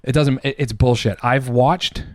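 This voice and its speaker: A man co-hosting a podcast, delivering a heated, profane opinion rant, loud and emphatic. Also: mid-range voice, steady tone, unhurried, dry recording, clean studio sound. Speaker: podcast co-host.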